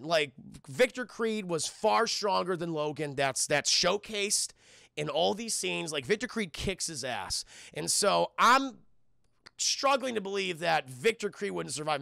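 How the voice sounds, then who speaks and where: A young man streaming a casual, profane spoiler review of a film, excitably recapping scenes and talking to his chat. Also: high-pitched, creaky, no echo, studio quality.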